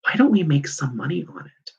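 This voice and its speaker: A man's voice: a little high, big pitch swings, a little fast, gravelly, a little mellow, husky, dull audio, pitched above the performer's own voice, exaggerated voice. A man reading aloud and voicing an eager farm boy full of schemes.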